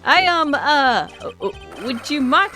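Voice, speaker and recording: A woman voicing a timid, flustered elderly male judge who stammers nervously in a high voice. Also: very animated, takes it slowly, pushed and bright, faint music behind, full character voice.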